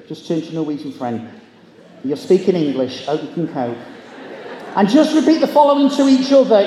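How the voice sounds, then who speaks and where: Guy with a fairly high voice doing a funny motivational talk, acts out the characters, big echoey hall. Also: animated, brisk, dark tone, a little hiss or hum. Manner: comic storytelling, acting out quoted voices. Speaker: motivational keynote speaker. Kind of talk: humorous motivational talk to a live audience.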